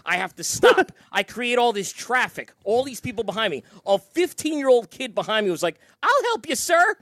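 A man hosting a sports talk show, telling stories in animated, jokey banter and laughing often. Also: sits high, fairly quick, no room sound, clean studio sound. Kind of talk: casual banter and storytelling.

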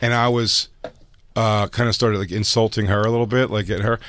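A man's voice: lowish voice, steady tone, a little fast, a bit bright, no room sound. A man hosting a casual chat, telling profane, rambling stories and restarting his sentences. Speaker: podcast host.

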